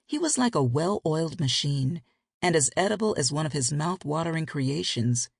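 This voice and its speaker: Gravelly, husky woman audiobook narrator. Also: deep voice, darkish tone, no echo, studio quality. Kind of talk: scripted romance narration.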